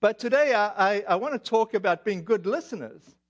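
A man's voice: sits high, lively intonation, brisk. A man from South Africa with a South African accent, preaching a sermon in a chatty, self-deprecating way with many fillers. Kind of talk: sermon with personal stories. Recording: dull lo-fi audio.

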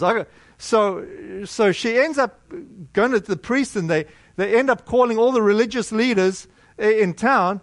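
A middle-aged American man preaching a sermon, telling a personal story in a conversational, animated way with many restarts. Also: high-pitched, moderate pace, dry recording.

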